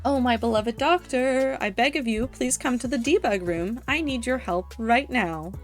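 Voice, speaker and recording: A woman's voice: a little high, normal speed, faint music behind, voice pushed up, close to an everyday voice. A woman voicing a doting, theatrical female AI machine that speaks in fawning, flowery praise.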